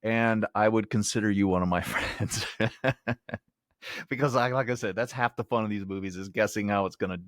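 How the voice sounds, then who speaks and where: A man's voice: on the low side, fairly even intonation, moderate pace, no echo. Man, podcast host, chatty movie review, laughs a lot, dry close sound. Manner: chatty, self-deprecating, laughs often. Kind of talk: casual movie review monologue. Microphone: headphones, home podcast mic.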